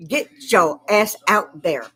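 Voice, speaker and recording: A woman's voice: medium pitch, lively intonation, takes it slowly, bright, forceful tone. An older woman delivering an angry, profane political rant, sarcastic and scornful, with bursts of mocking laughter. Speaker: livestream host.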